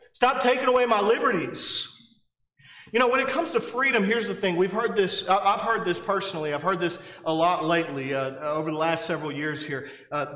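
A man preaching in a church with a fairly high voice. He sounds earnest and insistent, circling back over his phrases and asking his listeners questions. His words ring out in a roomy hall with a long echo. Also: fairly bright tone. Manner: earnest, repeats phrases, asks the congregation questions. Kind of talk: sermon. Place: church sanctuary.

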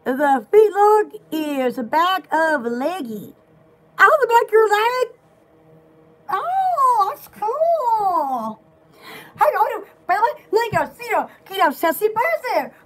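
A woman in casual, rambling chat, excitable and giggly, often restarting her sentences. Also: extremely high pitch, slow. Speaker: store vlogger.

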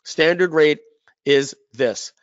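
A man's voice: fairly high pitch, takes it slowly, smooth, dry recording. Rambling man hosting a webinar. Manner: rambling, many fillers and repeats. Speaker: webinar host. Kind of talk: casual sales storytelling. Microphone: webinar call mic. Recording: slightly dull lo-fi audio.

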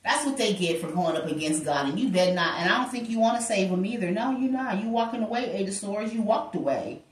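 A woman's voice: medium pitch, brisk, far from the mic. A woman giving a spiritual tarot reading in a sassy, preacher-like way. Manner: animated, sassy, preacher-like, acts out voices in quotes. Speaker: tarot reader. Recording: echoey room, voice from off-mic.

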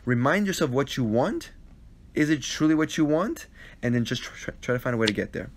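A man at a middle pitch talks into his phone during a live Q&A, answering viewers' questions. He is earnest and a little repetitive, circling back over his advice and tossing in quick check-ins. His delivery is casual and conversational. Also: lively intonation, a little hiss or hum. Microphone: phone live stream.

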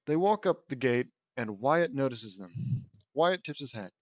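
A man reads fan fiction aloud in a casual, unpolished way, stumbling and correcting himself along the way. His voice sits at a middle pitch. The recording is close and dry, with no room sound. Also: sing-song, measured pace, dry recording. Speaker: audiobook reader.

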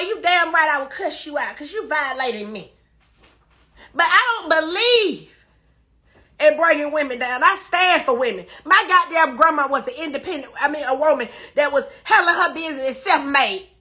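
Crying, high-pitched woman ranting profanely. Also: expressive, normal speed, sharp tone. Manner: profane, defensive, repetitive. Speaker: livestreamer. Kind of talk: emotional live-stream rant. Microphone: phone.

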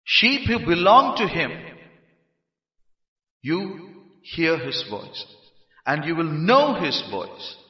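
A man from India preaching a sermon, emphatic and rising to shouts on key phrases. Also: fairly high pitch, sing-song, takes it slowly, long pauses. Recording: roomy hall, dull lo-fi sound.

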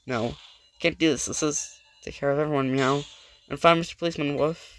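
A man's voice: fairly high pitch, steady tone, a little fast, a bit bright, dry recording. A man hosting a let's play, reading game dialogue aloud with dramatic, stammering readings and reacting as he plays.

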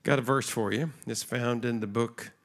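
Male preacher, conversational storyteller, gravelly tone, mid-range voice. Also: mid-range voice, fairly even intonation, moderate pace. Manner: conversational, acts out dialogue in his stories. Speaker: guest preacher. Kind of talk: sermon with storytelling. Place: church stage before a congregation.

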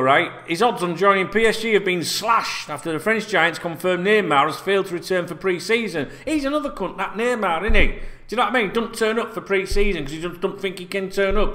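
With a high voice and a bright, forceful tone, this football news host reads the stories out and rants casually, tossing in sarcastic, sweary remarks.

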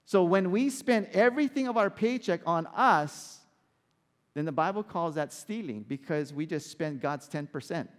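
A male pastor preaching with animated, swinging pitch and slightly high voice. He keeps asking the congregation questions. The sound carries a long hall reverb. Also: normal speed. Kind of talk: sermon.

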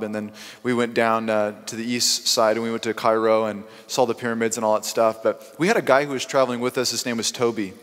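A male pastor preaching a sermon, telling stories with lively swings between loud bursts and quiet asides. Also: medium pitch. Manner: animated storytelling with quick swings in loudness. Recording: long hall reverb.

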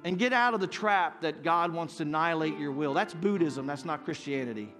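A pastor in his fifties delivers a heartfelt sermon in a slightly higher-than-usual man's voice. He speaks earnestly and swells into loud, emphatic peaks. Faint music plays softly behind him. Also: animated, fairly quick, hardly any pauses. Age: 50s.

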